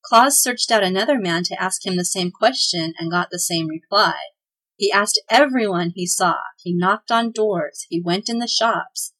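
A woman reads a children's storybook aloud as the host of a holiday podcast. Her telling is gentle and expressive, clear and even in pace. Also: mid-range voice, moderate pace, rough recording. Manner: gentle, expressive read-aloud with voiced characters.

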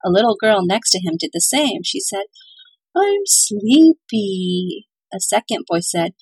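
Her voice is medium-pitched and husky, and she reads a little fast. It's a low-quality recording with no room sound of a woman narrating a scripted children's Christmas story in a bright, playful, announcer-like radio manner.

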